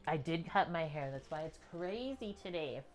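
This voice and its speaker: A woman's voice: low-pitched, lively intonation, moderate pace, faint music behind. Chatty woman hosting a cooking stream. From Canada. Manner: chatty, loose, with frequent "like" fillers. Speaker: cooking livestream host. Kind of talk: casual stream chat. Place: home kitchen.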